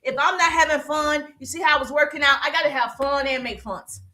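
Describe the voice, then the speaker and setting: A woman from the American South with a Southern accent, a business coach giving an energetic motivational talk on a live stream, repeating phrases and speaking straight to her viewers. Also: high voice, a little fast.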